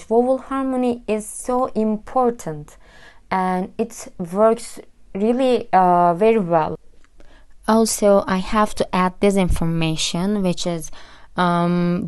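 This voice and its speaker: A Turkish woman, speaking English as a second language, runs a language lesson in a smooth, clear voice at an unhurried pace. She patiently walks through each rule and says example words twice. Her pitch sits in an ordinary middle range. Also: darkish tone. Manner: patient, explains step by step, repeats words slowly. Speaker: language teacher.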